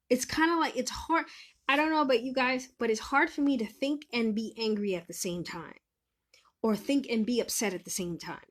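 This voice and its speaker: A woman, a life coach talking casually to camera, swinging between loud venting and a hushed, breathy calm. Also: mid-range voice. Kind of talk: casual vlog monologue.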